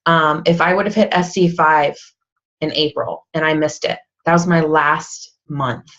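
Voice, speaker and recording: A woman team coach speaking candidly and motivationally on a casual group call, quick to poke fun at herself. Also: sits low, fairly even intonation, a bit bright, muffled recording. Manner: candid, motivational, self-deprecating. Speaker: fitness coach.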